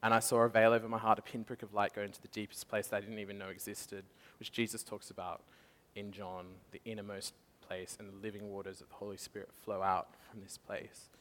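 A man's voice: on the low side, level tone, fast talker, a bit bright, a little hiss or hum. A man preaching a passionate testimony sermon in a church hall, telling his story with frequent laughs. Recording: long reverb of a church hall.

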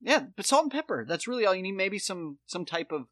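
A man with a bright, forceful voice hosts a podcast, wandering through loose, profane stories full of "like" and "uh." The sound is dry and close to the mic, with no room around him. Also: high-pitched, big pitch swings, fairly quick, no room sound. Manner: rambling, profane storytelling. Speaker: podcast host. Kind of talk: casual chat.

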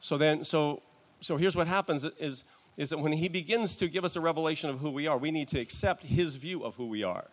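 A male pastor with a fairly high-pitched voice preaches a church sermon. He comes across as conversational and halting, restarting often and chuckling softly.

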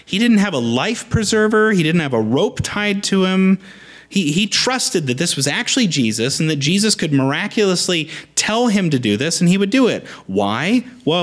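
A man preaching a conversational sermon, lively with frequent restarts. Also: high voice.

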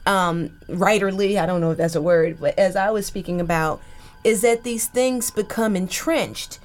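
A woman writer on a radio panel, explaining her views in an articulate, analytical way. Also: mid-range voice. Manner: articulate, analytical, quick to laugh. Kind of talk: casual panel chat.

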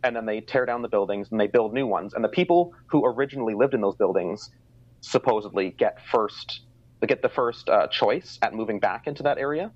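A man's voice: fairly low pitch, expressive, a little fast, no room sound. A young man from Canada telling a personal story in a casual conversation, reflective, with many ums. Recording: dry, slightly dull sound.

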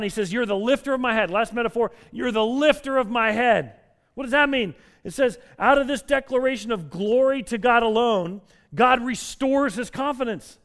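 A man preaching a sermon in an earnest, emphatic way, building up in intensity and then dropping low. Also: fairly bright tone. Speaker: pastor.

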